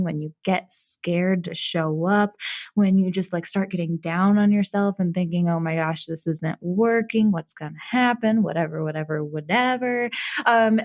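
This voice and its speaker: A woman's voice: lowish voice, vocal fry, no echo, clean studio sound. Bubbly young woman hosting a podcast. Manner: bubbly, candid, laughs often. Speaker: podcast host and business coach. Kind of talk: casual solo podcast monologue.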